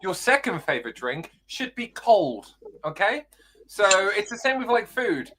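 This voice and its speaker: A man's voice: high-pitched, big pitch swings, unhurried, background noise. A British man hosting a casual podcast over a video call, playful and rambling with flustered asides. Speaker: podcast host. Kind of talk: casual chat.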